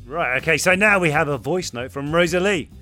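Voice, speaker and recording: Man, friendly podcast co-host, very animated pitch, faint music behind. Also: fairly quick. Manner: friendly, animated, warm-hearted thanks. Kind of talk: casual chat.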